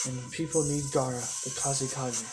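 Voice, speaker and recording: A resolute elderly woman elder, solemn and set on her sacrifice, as a man narrating a fan story speaks her part. The delivery stays level and flat, barely set apart from the storyteller's own voice. Music plays clearly underneath. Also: mid-range voice, normal speed, lightly acted, poor audio. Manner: plain retelling voice, hardly changed for the figure.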